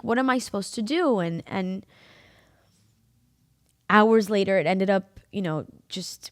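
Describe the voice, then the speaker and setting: A woman's voice: medium pitch, no echo, studio quality. A young woman hosting her podcast, telling a personal story in a candid, emotional way, full of casual fillers. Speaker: podcast host.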